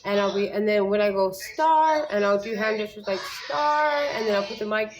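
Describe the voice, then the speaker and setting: A woman's voice: medium pitch, completely flat delivery, quick pace, crowd noise, low-quality recording. A young woman giving casual advice as a parent, talking in a rambling way with many fillers and restarts. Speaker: parent sharing speech tips.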